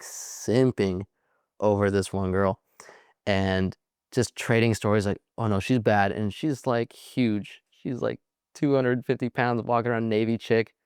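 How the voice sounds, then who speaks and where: A young man in his twenties, a Marine veteran guest, telling profane, animated stories in casual chat with frequent laughs. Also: fairly low pitch, smooth, no echo, clean studio sound. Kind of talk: casual storytelling.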